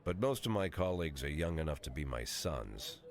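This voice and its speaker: A man's voice: very deep voice, lively intonation, moderate pace. A man voicing a cynical, weary police chief in his sixties, narrating a video game in a dry, sardonic monologue. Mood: wry. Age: 60s.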